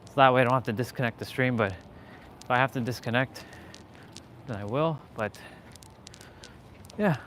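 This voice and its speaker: A man's voice: mid-range voice, moderate pace, long pauses, fairly bright tone, slight background noise. A young man from Canada chatting casually on a live stream as he walks through a parking lot to his car, rambling with lots of fillers and restarts. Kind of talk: casual live-stream chat while walking.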